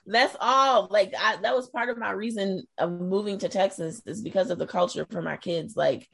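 In a medium-pitched, creaky, slightly rough voice, a middle-aged Iowa woman chats casually about her life as a guest sharing her experience. She laughs readily and now and then trails off into uncertainty.

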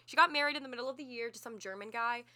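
Young texas woman rambling on a podcast, bright high-ish voice, animated. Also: very fast. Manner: animated storytelling with bursts of laughter. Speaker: podcast co-host. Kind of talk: casual chat.

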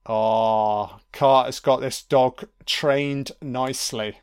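A man's voice: mid-range voice, lively intonation, measured pace. A man giving casual, chatty film commentary, amused and sweary.

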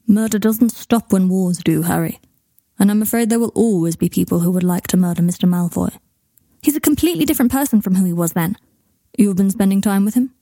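A woman's voice: medium pitch, warm tone, dry recording. A woman reading a story aloud, narrating and lightly voicing letters and dialogue. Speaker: fanfiction reader. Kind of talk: scripted narration.

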